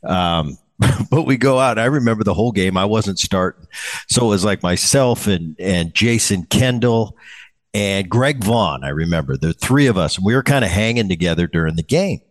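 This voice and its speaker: Low-voiced man telling baseball tales. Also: animated, normal speed. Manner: rambling, repeats words, frequent fillers. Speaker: podcast host, former ballplayer. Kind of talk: casual storytelling chat.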